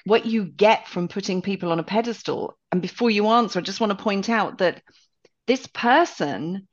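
A woman co-hosting a podcast who asks curious questions and teases gently. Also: medium pitch, normal speed, dull audio. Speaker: podcast co-host. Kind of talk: podcast conversation.

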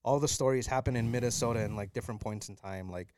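A man's voice: mid-range voice, quick pace, a little mellow, no echo. A man in casual podcast chat, telling rambling stories and laughing as he goes.

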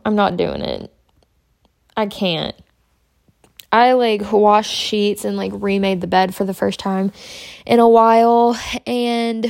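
A woman's voice: medium pitch, gravelly, darkish tone, dry recording, clean studio sound. A young pregnant woman, hosting a podcast and chatting candidly in a rambling, casual way. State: pregnant, about twenty-two weeks. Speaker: podcast host.

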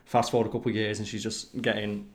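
Sweary, excitable man chatting. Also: on the low side, fast talker. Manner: enthusiastic, sweary storyteller. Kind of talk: casual chat.

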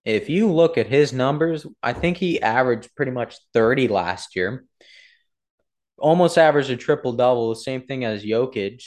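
A man's voice: mid-range voice, animated, normal speed, darkish tone. A young man chatting casually about basketball, rambling and correcting himself as he talks to his viewers. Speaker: sports vlogger. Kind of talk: casual sports commentary.

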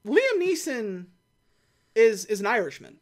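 Woman recapping a movie, lively pitch. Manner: recaps scenes with quick deadpan voice snippets. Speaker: podcast co-host. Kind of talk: casual movie recap chat.

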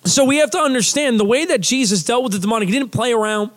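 A man with a notably high speaking voice preaches a sermon in a loose, chatty way. He stumbles into fillers and restarts, then hammers home the same short phrases again and again. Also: expressive, fast talker, fairly bright tone. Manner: emphatic repetition of key phrases. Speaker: pastor.

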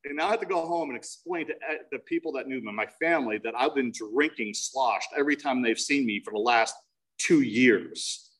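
A man's voice: mid-range voice, a little fast, fairly bright tone, recorded from a distance, low-quality recording. A man in his forties from New Jersey shares his recovery story at a meeting. He speaks candidly and mocks himself with wry humor. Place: meeting room.

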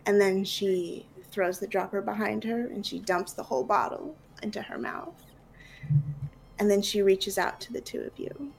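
A woman narrating as game master of a tabletop role-play, relaxed with fillers. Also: medium pitch, moderate pace, gravelly, slight background noise.

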